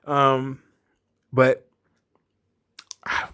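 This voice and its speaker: A man's voice: medium pitch, monotone, very slow, a bit bright, clean tone. Profane ranting man recapping wrestling. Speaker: wrestling commentary host. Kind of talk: casual recap commentary.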